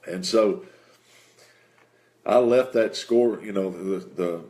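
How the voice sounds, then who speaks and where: A man's voice: fairly low pitch, slow, mellow. A man, a Christian minister, earnestly telling a personal faith story in a casual, conversational way.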